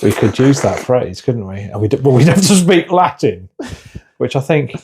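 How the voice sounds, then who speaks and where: A man's voice: mid-range voice, very animated, normal speed, background noise. A man hosting a podcast, talking in a chatty, self-deprecating way and often restarting his sentences. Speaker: podcast host. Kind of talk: casual conversational podcast.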